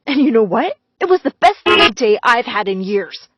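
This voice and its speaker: A forceful, defiant teacher, voiced by a woman in an animated storybook, speaking with a raised, firm voice on the high side. The recording is dry and a little dull. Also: normal speed, husky, no room sound, soft background music. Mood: warning. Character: defiant middle-aged female teacher.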